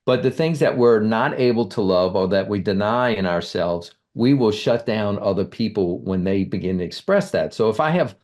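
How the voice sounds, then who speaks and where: A man with a fairly low voice, explaining his ideas in a calm, measured way during a relaxed interview. He sounds teacherly and unhurried. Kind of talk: casual conversational interview.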